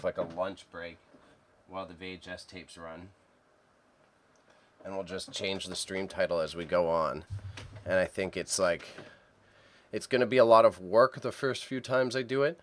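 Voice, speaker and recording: Low-voiced man musing while typing. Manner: relaxed, self-mumbling, thinks aloud while typing. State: throat clearing, a bit phlegmy. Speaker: streamer and reseller. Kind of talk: casual co-working stream chat. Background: keyboard typing.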